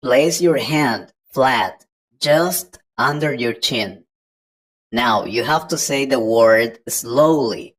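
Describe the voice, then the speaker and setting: A woman's voice: a bass voice, slow pace, poor audio. A woman giving an online English pronunciation lesson, patiently explaining step by step to the learner. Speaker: English teacher.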